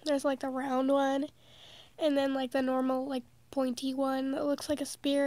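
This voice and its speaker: A woman's voice: sits high, monotone, moderate pace, a little mellow. A teenage girl with a congested, sick voice, casually chatting through a toy unboxing vlog. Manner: chatty, giggly, amused. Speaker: vlogger.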